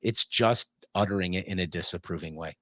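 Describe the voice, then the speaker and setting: Animated man lecturing on ethics. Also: low voice, fairly quick, no room sound. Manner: animated, acts out example tones of voice. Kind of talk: classroom philosophy lecture.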